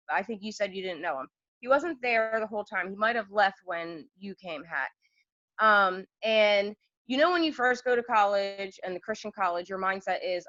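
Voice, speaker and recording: A young woman chats as a podcast guest, her voice bright and forward, recorded dry and close. She spins candid, animated stories full of fillers. The audio sounds dull and lo-fi. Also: mid-range voice, no room sound. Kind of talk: casual storytelling chat.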